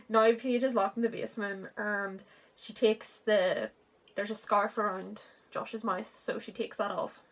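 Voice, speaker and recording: A woman in her twenties giving a sarcastic comic read-through of her old fan fiction, laughing often and swearing. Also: mid-range voice. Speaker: author reviewing her teen fanfiction.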